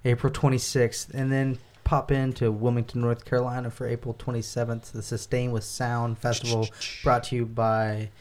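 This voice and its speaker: A man hosting a casual podcast, his voice mid-pitched and ordinary. He sounds upbeat and jokey, plugging events and thanking his guest. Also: flat delivery, normal speed, few pauses, a little mellow. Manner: upbeat, promotional, joking. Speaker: podcast host.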